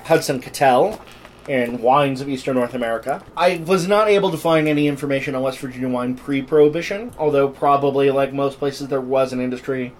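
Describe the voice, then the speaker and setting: Fairly quick and mid-range, this man's voice comes through poor audio with slight background noise. As a podcast co-host, he reads history notes aloud amid casual chat, tossing in irreverent jokes.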